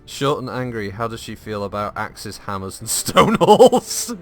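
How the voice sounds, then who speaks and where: A man giving casual, animated gaming commentary, laughing and swearing freely as he tells stories. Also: on the low side, measured pace, soft background music. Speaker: gameplay streamer.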